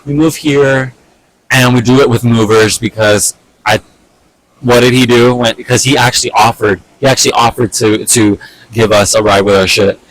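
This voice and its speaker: A young man casually telling a personal story on a vlog, animated and exasperated, with lots of fillers and swearing. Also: mid-range voice, dry recording, low-quality recording. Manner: animated, fed-up retelling full of fillers and swearing.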